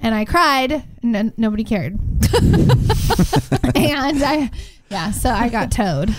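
A woman co-hosting a casual chat show, telling a story in an animated way and laughing often. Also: fairly high pitch, takes it slowly, background noise. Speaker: co-host.

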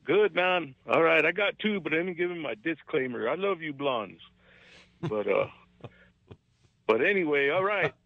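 A man's voice: fairly high pitch, animated, moderate pace, creaky, pauses often, dry recording, muffled recording. A male caller telling jokes on a radio call-in show, upbeat and chuckling.

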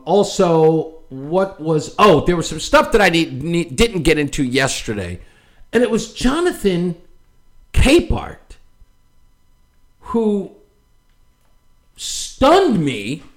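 Male host, opinionated rant, lively and slightly high pitched, chuckles and ums throughout. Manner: ranting, animated, laughs often, many fillers. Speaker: show host. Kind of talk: opinionated political commentary.

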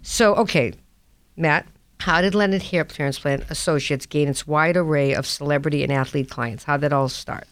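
A woman's voice: deep voice, normal speed, no echo. A woman with a Boston accent hosting a casual talk show, brash, jokey and chatty. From Boston area. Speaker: host. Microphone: studio mic.

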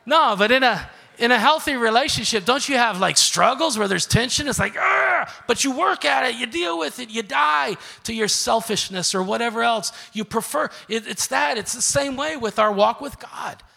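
Bright-voiced preaching pastor, echoing sanctuary. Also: male voice, very high-pitched, expressive, normal speed, creaky, hardly any pauses. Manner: emphatic, swings from quiet to shouting. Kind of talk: sermon. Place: church sanctuary. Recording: reverberant sanctuary.

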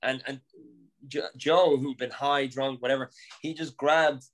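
A young Irish man from Ireland telling animated stories on a podcast, laughing, swearing and restarting his sentences. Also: mid-range voice, unhurried. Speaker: podcast guest. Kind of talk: casual storytelling.

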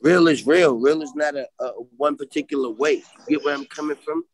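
A man's voice: on the high side, fairly quick, rough recording. A man with a Brooklyn New York accent, a podcast guest on a video call, talking in a streetwise, emphatic way and keeping on asking if you follow him. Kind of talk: casual interview talk.

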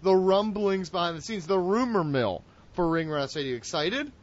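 A man hosting a casual wrestling podcast, loud and excitable, with swearing banter. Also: high voice, moderate pace. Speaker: podcast host. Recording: dull lo-fi audio.

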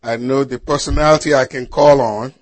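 A man's voice: medium pitch, fairly even intonation, no room sound. A man preaching as a pastor, reading scripture and quizzing his congregation with questions. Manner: slow, deliberate delivery with rhetorical questions to the congregation.

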